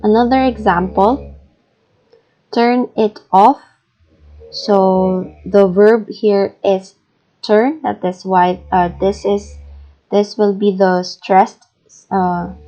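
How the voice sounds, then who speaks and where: Slow, mellow-voiced Filipino woman teaching. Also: mid-range voice, low-quality recording. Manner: patient and deliberate, many fillers, models phrases aloud slowly. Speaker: English teacher. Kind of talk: recorded classroom lesson.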